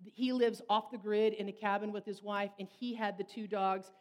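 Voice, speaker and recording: A middle-aged woman telling a personal story in long, animated run-on sentences. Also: medium pitch, normal speed. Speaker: speaker. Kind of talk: storytelling talk.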